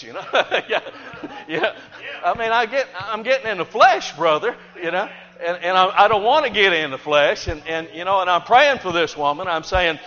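A man preaching a sermon, telling a folksy story and swinging between loud bursts and hushed asides. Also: sits high, very animated, moderate pace. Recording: dull lo-fi church recording with long reverb and faint music.

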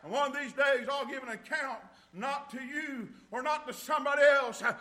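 Fervent high-voiced preaching pastor. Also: male voice, moderate pace. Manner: fervent preaching with frequent "uh" and shouted "glory". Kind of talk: sermon.

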